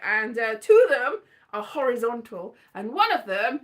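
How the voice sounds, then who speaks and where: High-voiced rambling woman vlogger. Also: big pitch swings, normal speed. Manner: chatty, scatterbrained, self-mocking, breaks into silly sung lines. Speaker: vlogger streaming from her phone. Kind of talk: rambling casual chat with sung bits. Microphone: phone. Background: keyboard music.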